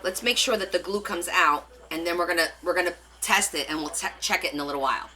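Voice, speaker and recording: A woman's voice: on the low side, fast talker, pushed and bright, slight background noise, poor audio. A woman hosting a live craft stream, chatting casually with her viewers and answering their comments as she demonstrates. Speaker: craft livestream host.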